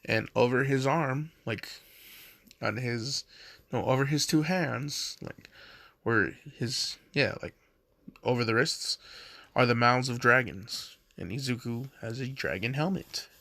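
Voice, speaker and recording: A man tells a fan story slowly and loosely, full of fillers and swearing. His medium voice sits dry and close to the mic. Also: mid-range voice, creaky, a bit bright, no echo. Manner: rambling, lots of fillers and swearing. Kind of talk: casual storytelling.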